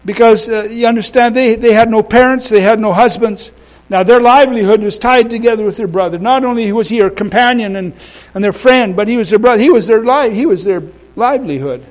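In a high-pitched voice, a preacher delivers his sermon a little fast and with hardly a pause, hammering phrases through repetition. He shifts from loud to soft and talks directly to the congregation in asides, all captured in poor audio.

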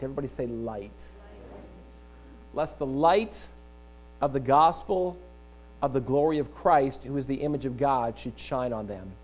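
A man's voice: medium pitch, a little hiss or hum. A middle-aged man, a pastor preaching a sermon, telling a funny story with frequent laughs. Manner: animated storyteller, often laughing.

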